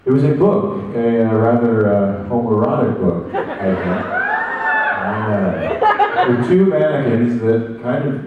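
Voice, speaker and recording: A man's voice: medium pitch, lively intonation, slow pace, heavy background noise. A man on a convention panel, telling stories to fans amid laughter, with an amused manner. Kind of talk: joking panel banter with fans. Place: large convention hall. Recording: dull, echoey hall recording from far off, loud crowd.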